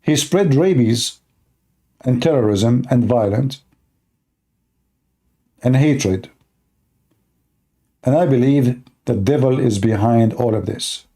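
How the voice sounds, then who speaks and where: A man hosting a livestream, speaking sarcastic, mocking broken English and swinging between loud outbursts and exaggerated slow, soft talk. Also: mid-range voice. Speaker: livestream host. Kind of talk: livestream debate commentary.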